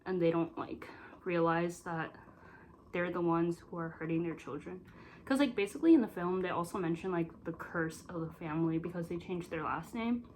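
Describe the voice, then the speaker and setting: A woman's voice: fairly low pitch, normal speed, darkish tone, a little hiss or hum, poor audio. Gushing young woman reviewing a film. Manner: emotional and gushing, with heavy use of "like". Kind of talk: casual spoken film review.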